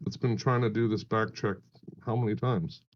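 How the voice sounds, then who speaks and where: A man chatting casually with friends, joking crudely and thinking out loud. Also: lowish voice, fairly even intonation, moderate pace. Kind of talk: casual chat among friends. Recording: dull lo-fi sound.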